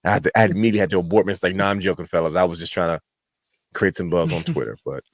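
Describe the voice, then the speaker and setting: A man co-hosting a wrestling podcast, telling a long-winded story with animated quotes. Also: low-pitched, racing. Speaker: podcast co-host. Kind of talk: casual chat.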